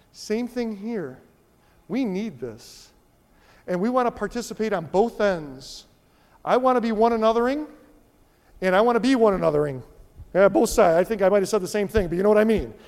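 Male pastor, high voice, animated sermon delivery, long church reverb. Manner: animated, repeats for emphasis.

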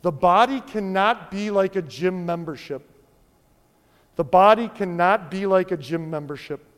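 Male pastor, high voice, animated sermon delivery, long church reverb. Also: measured pace. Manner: animated, repeats for emphasis.

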